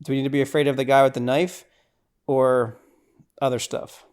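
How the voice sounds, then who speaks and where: A man's voice: medium pitch, normal speed, clean tone. A man hosting a podcast, casually recapping a horror movie scene by scene, with lots of restarts and repeated words. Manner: grows loud and excited at gory scenes. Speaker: podcast host.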